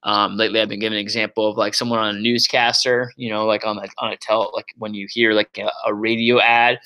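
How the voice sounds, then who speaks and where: A young man coaching sales reps in a casual walkthrough, energetic and loud, full of "like" and "um" fillers. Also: on the low side, fast, hardly any pauses, poor audio. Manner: energetic and loud, says so himself, many fillers. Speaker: sales trainer.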